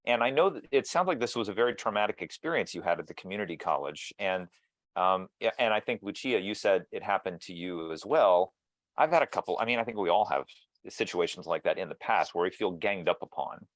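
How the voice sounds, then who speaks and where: Lively low-voiced man on a video call. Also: fairly quick, no echo. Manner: thoughtful, musing, many restarts. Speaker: interviewer and mediator. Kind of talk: casual conversation over video call.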